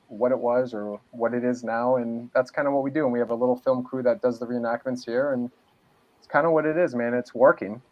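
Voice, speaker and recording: A man from New England chatting casually as a podcast guest, laid-back and saying "man" and "dude" a lot. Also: mid-range voice. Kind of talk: casual interview chat. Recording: dull lo-fi sound.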